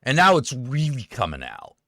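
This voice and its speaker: A man's voice: mid-range voice, huge pitch swings, normal speed, pushed and bright, no room sound, studio quality. Sarcastic, swearing man ranting on stream. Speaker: streamer host. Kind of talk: profane political rant.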